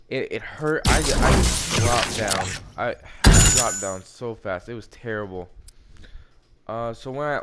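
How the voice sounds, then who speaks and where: A young man, likely a teen, telling a personal story while gaming, halting and repeating words, swearing now and then. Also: mid-range voice. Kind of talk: casual storytelling over gameplay.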